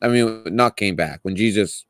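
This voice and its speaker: A man's voice: on the low side, normal speed, dry recording, clean studio sound. A man with a Boston accent hosting a casual call-in chat, rambling and restarting his sentences. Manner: rambling, hesitant, many restarts. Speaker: podcast host.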